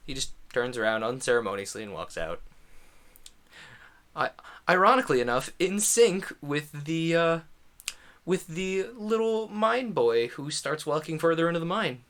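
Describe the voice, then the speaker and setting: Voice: medium pitch, animated, moderate pace, fairly bright tone. A game master narrating a tabletop game in a rambling, playful way with many fillers. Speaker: dungeon master.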